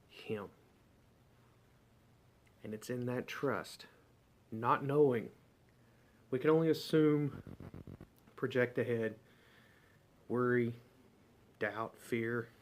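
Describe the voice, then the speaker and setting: A man hosting a short devotional talk, telling stories in a folksy, conversational way. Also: mid-range voice. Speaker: ministry devotional host.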